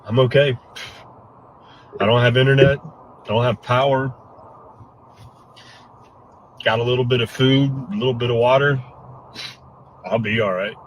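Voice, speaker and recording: A man's voice: mid-range voice, steady tone, normal speed, pauses often, slight background noise, rough recording. A man giving an earnest, choked-up update after a storm, speaking bluntly. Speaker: hurricane survivor giving an update. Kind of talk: emotional first-person update.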